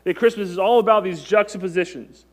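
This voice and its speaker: Chatty, joking pastor with a higher voice. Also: male voice, quick pace. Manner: chatty, joking, self-interrupting. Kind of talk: conversational sermon.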